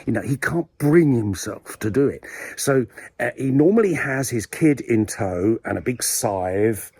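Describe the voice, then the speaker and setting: A man's voice: lowish voice, a little mellow, no room sound. A man hosting his own video blog, rambling through a satirical, mock-serious monologue with playful asides, outdoors in a village graveyard. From England. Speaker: video blogger host.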